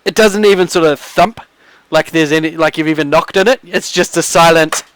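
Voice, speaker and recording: A man's voice: a little high, fairly quick, a bit bright, slight background noise, rough recording. A man narrating a tabletop game as game master, rambling with frequent restarts.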